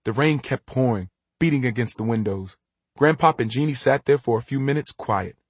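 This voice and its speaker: A man narrating a story in an even, storytelling delivery. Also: medium pitch, normal speed, breathy edge, no echo. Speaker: audiobook narrator. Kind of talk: scripted narration.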